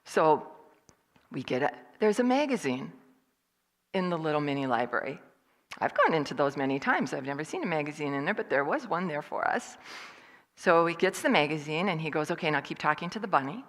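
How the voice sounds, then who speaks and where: A woman speaking at a church service, telling a personal story in a lively way and acting out what other people said. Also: sits low, fairly quick, in a large hall. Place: church hall.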